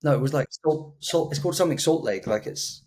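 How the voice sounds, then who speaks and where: A man's voice: fairly high pitch, expressive, fairly quick, a little mellow. A man co-hosting a podcast in casual chat, hesitant and fumbling for words. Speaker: podcast co-host.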